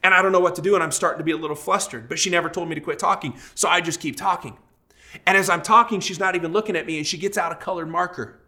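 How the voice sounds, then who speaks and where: A man in his thirties, a pastor, preaching a sermon and telling a personal story in a lively storytelling way. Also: sits high, racing. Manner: storytelling, animated, acts out quoted voices.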